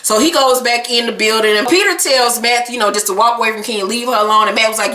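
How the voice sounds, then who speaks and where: Bright-voiced woman vlogger. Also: fairly high pitch, quick pace, hardly any pauses, roomy sound. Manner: profane, animated storytelling. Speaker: vlogger and reality-show recapper. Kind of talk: casual chat.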